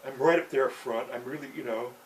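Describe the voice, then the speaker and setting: A man's voice: mid-range voice, a little fast, far from the mic, slight background noise, low-quality recording. A man telling a rambling personal story in a loose, chatty way, dropping "you know" and chuckles between lines.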